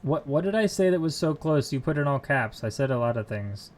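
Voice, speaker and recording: A man's voice: a little high, expressive, brisk. A man on a casual live stream, muttering code aloud to himself while he works and chatting with viewers from a home computer room.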